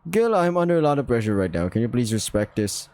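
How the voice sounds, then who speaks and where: A man voicing a cold, flat-spoken rat. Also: mid-range voice, moderate pace, dry recording. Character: tense withdrawn male rat, flat and cold. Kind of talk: visual novel voice acting.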